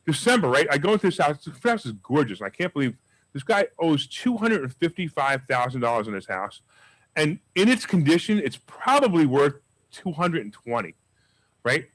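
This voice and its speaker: A man teaching a live real estate investing class and taking questions, telling deals as lively, emphatic stories. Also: a little high, moderate pace, no echo, low-quality recording. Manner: energetic, emphatic storyteller.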